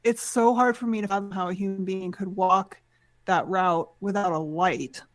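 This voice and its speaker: A woman's voice: medium pitch, fairly even intonation, moderate pace, no echo. Earnest woman, dry close sound. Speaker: podcast team member. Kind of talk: casual chat.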